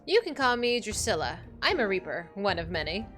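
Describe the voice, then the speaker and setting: A woman voicing a sly, menacing older woman who leads a gang, reading game dialogue aloud with silky, drawn-out threats over faint game music. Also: medium pitch, very animated, a bit bright.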